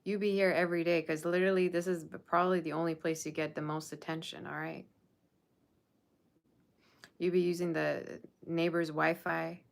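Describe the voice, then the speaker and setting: She's a young adult woman running a tarot livestream, her voice on the low side, flat and creaky, at a normal pace. She chats casually and teases the viewers in her chat with sassy banter.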